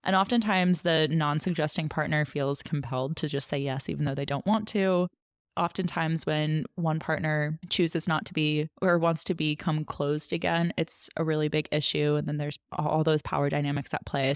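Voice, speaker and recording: A woman's voice: low voice, dry recording, studio quality. A woman co-hosting a podcast in casual chat, chatty with many fillers and frequent laughs. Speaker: podcast co-host.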